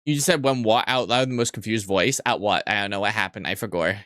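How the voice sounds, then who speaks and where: A streamer chats casually with viewers, cracking crude jokes, swearing often, and rambling through restarted sentences. His low-pitched voice is a bit bright and quick, captured in a dry, studio-quality recording.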